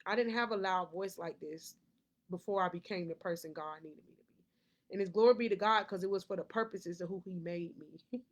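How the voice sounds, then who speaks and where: A woman's voice: mid-range voice, fairly quick, a bit bright. Preachy woman giving a faith pep talk. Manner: preachy, repeats key lines, laughs often. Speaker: life coach. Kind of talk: motivational faith talk to camera.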